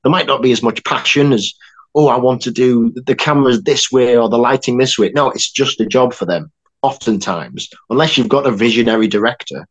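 A young man, an actor and filmmaker, telling a lively story on a podcast with quick asides. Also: medium pitch, dull audio. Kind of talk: casual anecdote telling.

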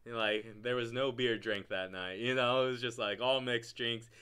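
A young man co-hosting a podcast tells a story in a casual, lively way, often erupting into loud laughter and relying on filler words. His voice is smooth and medium-pitched, at a moderate pace.

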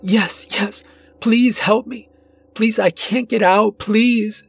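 A man's voice: high-pitched, fairly even intonation, slow, vocal fry, slightly rough, faint music behind, voice pushed up, full character voice. A man voicing a terrified young woman trapped in a car, pleading in a raised, panicked voice. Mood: desperate.

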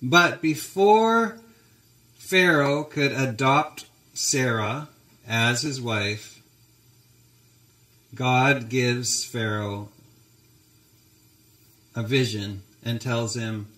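A man's voice: medium pitch, drawn-out words, pauses often, a bit bright. A male pastor preaching a sermon, telling a story and addressing the congregation directly. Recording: roomy church echo.

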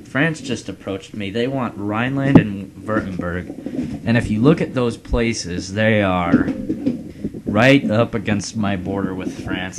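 A young man talks through his strategy game in a casual, rambling way, cursing at rival nations and reading game messages aloud. His voice sits low. The recording is buried in loud background noise. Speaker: let's player. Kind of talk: casual gameplay commentary.

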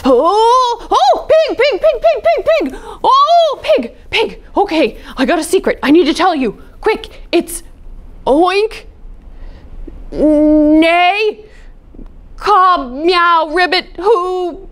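A woman's voice: animated, normal speed. A woman voicing an eager, forgetful dog in a storybook reading who stammers and gets flustered. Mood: frantic. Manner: flustered, stammering, bursts into high shouts.

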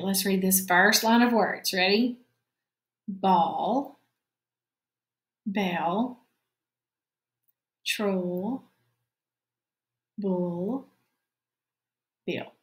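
Woman teacher, slow clear dictation for young kids, mid-pitched voice, roomy echo. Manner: slow, clear dictation, repeating each word. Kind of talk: spelling lesson for young children.

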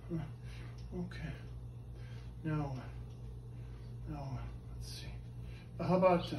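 A man performing a live show with his talking bird, coaxing it loudly and often yelling his patter. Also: sits high, slight background noise. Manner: loud, coaxing and prone to yelling. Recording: echoey room from far off.

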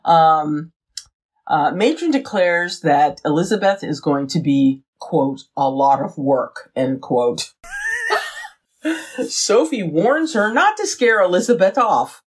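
A woman recaps a TV episode for her podcast at an unhurried pace, laughing as she reacts. Her voice is a little husky and moves widely in pitch. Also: very animated. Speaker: podcast co-host. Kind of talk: casual recap chat.

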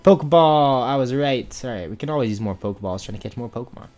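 A young man giving let's play commentary on a game, excitable and swinging from mumbles to shouts. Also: medium pitch, fast talker, soft background music. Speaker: gamer playing a Pokemon randomizer.

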